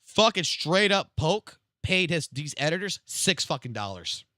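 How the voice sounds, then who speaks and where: A man's voice: fairly high pitch, big pitch swings, measured pace, bright, forceful tone, no room sound, clean studio sound. A young adult man live-streaming casual reactions, swearing freely and slipping into mock-auctioneer patter. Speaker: livestreamer.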